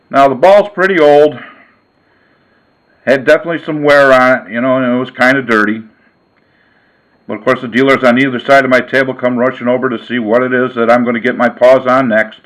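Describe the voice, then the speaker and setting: A man and sports card vlogger telling a casual story in a folksy, relaxed way. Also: medium pitch, poor audio.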